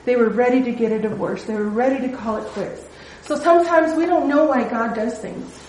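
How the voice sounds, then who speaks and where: A woman's voice: a little high, a little fast, a little mellow, slight background noise. A middle-aged woman leading a Bible study, telling a personal testimony in an earnest, conversational way. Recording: echoey room.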